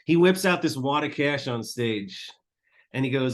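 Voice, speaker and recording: Man telling a lively club story. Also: mid-range voice, unhurried. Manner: animated storyteller, acts out quotes. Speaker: host. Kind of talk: casual chat.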